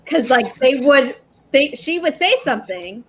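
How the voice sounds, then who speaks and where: A woman's voice: sits high, lively intonation, unhurried, slight background noise. A woman from New York telling chatty stories in a casual group video chat. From New York, USA. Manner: chatty storytelling.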